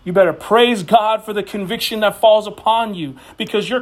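Impassioned male preacher, swinging pitch. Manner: impassioned, pitch swinging high and low, quick asides. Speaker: pastor. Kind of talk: sermon.

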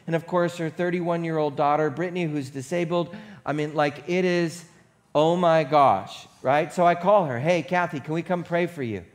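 In his sermon, a middle-aged male pastor takes a relaxed storytelling approach, poking fun at himself and imitating the people he quotes. His voice is fairly high in pitch, at a moderate pace.

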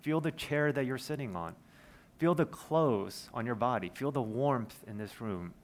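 A man's voice: mid-range voice, expressive, a little slow. A man, preaching a sermon in an earnest, conversational way with personal stories. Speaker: pastor.

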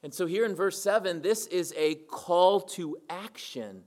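A man's voice: high-pitched, unhurried, darkish tone. A man preaching a sermon to his church, emphatic and repeating key phrases for weight. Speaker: pastor.

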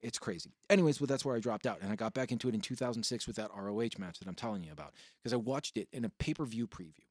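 Profane, rambling podcast host, dry sound. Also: male voice, lowish voice, rapid-fire, no room sound. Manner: rambling, profane, excitable storytelling. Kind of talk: casual podcast chat.

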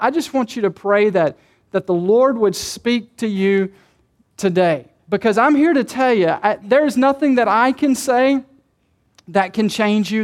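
A male pastor preaching a sermon in a conversational way, asking rhetorical questions and making light jokes. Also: sits high.

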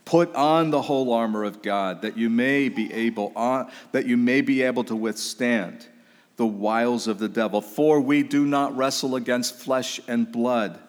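A man's voice: medium pitch, normal speed. Guy preaching, mid-range voice, pushes hard on the big points, long echo like a church hall. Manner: emphatic, rising to forceful exhortation, with asides. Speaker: pastor. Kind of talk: sermon.

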